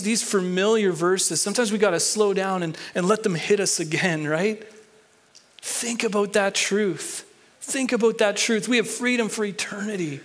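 A man's voice: high-pitched, a bit bright. A man preaching a sermon as pastor, talking conversationally, repeating key lines and restarting words, and leading the congregation in reading aloud. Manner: leads the congregation in reading and call-and-response.

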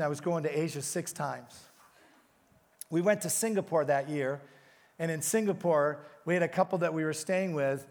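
High-voiced male preacher in a reverberant church. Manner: energetic preaching, addressing the congregation directly. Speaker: pastor. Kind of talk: sermon. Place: large church with a balcony.

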